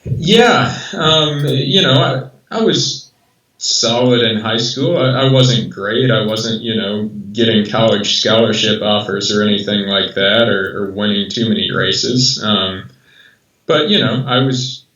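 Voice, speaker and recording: An American man in his thirties, a guest in a casual interview, talking haltingly with many restarts. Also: on the low side, bright, forceful tone, echoey room, far from the mic, highs cut off. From rural southern United States.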